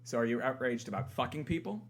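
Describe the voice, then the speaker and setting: A man's voice: medium pitch, lively intonation, fast talker. A man co-hosting a casual chat podcast, wry and teasing, who laughs often. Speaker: podcast co-host.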